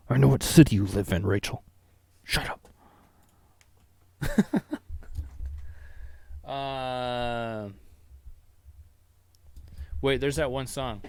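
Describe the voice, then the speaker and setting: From his basement at home, a solo podcaster and YouTuber rambles on, mocks himself, and swears without holding back. He speaks at medium pitch and a slow pace with long pauses, and there's no echo.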